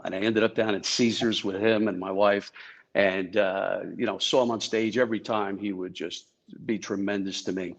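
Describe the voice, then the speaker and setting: An older man from New Jersey, a former Secret Service agent, telling stories in an animated, joking way and acting out the dialogue. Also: on the low side, normal speed. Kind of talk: anecdotal storytelling.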